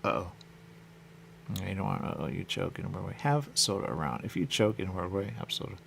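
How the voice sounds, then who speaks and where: On his radio show, a man with a low, creaky yet fairly bright voice talks a little fast and very animatedly, with slight background noise. His monologue wanders loosely and repetitively, returning often to stock phrases, above all "there you go."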